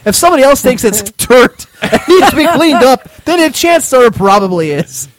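A man with a high, very animated voice that swings widely as he talks. He co-hosts a podcast, cracking crude jokes and lecturing his friends on history. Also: normal speed, dry recording. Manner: lively, joking, lecturing on history. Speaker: podcast co-host. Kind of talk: casual crude banter.

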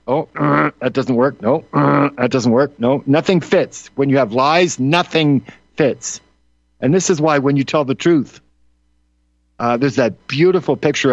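A man's voice: on the high side, no room sound, lo-fi sound. A man who hosts a radio show, giving rambling, opinionated commentary full of asides and "you know"s.

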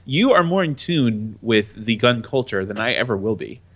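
A man's voice: mid-range voice, animated, moderate pace, fairly bright tone. Man, casual co-host, dry teasing comebacks. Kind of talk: casual chat.

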